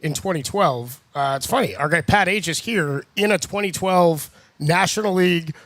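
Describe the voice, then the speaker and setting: A man's voice: a little high, moderate pace, fairly bright tone, dry recording. A young man co-hosting a sports radio show in a loose, joking way, saying dude a lot. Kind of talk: casual radio chat.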